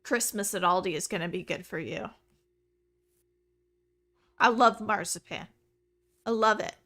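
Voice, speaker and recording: A woman streamer giving chatty, excitable let's play commentary full of rambling asides. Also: medium pitch, unhurried.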